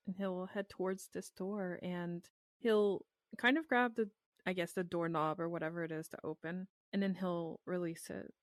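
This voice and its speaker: A woman's voice: fairly low pitch, no echo, studio quality. A woman playing a tabletop game who describes her character's actions in a hesitant way, with many fillers. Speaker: player.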